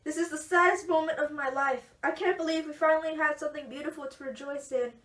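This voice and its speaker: A woman's voice: high voice, fairly even intonation, quick pace, fairly bright tone. A teenage girl playing a grieving noble mother in a school play, wailing her lament. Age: teens. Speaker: student actor. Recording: echoey room, from far off.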